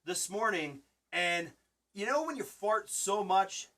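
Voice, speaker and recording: A man in his thirties talks casually as a podcast host. He rambles through stories and acts out what people said in loud bursts. His voice sits a little high for a man. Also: lively intonation, slow. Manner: rambling storyteller, acts out quotes loudly. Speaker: podcast host and Twitch streamer. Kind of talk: casual chat.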